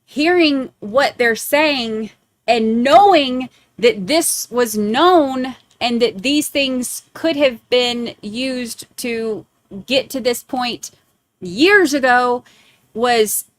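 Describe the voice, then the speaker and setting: A woman hosts a live stream in casual chat. She talks fast and in halting bursts, restarting her sentences often. Her voice is fairly high, and the recording is dry and close. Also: no echo. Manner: quick, halting speech with many restarts. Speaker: host.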